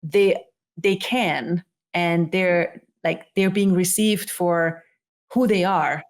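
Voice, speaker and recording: A middle-aged woman, a non-native English speaker, talking as an interview guest, with halting restarts, often acting out quoted dialogue. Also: fairly low pitch. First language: not English. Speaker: guest, psychology author. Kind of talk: interview conversation.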